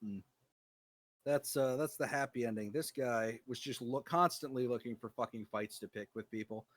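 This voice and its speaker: A man's voice: mid-range voice, normal speed, dry recording. Profane ranting American man, dry sound. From United States. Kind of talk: casual chat.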